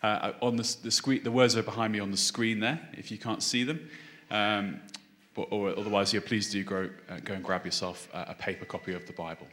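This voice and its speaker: A man from Liverpool gives a sermon in a church, reading scripture and then talking in a chatty, hesitant way. His voice sits on the lower side and he drops in light humour. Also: fairly even intonation, brisk, a bit bright. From Liverpool, England. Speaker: preacher.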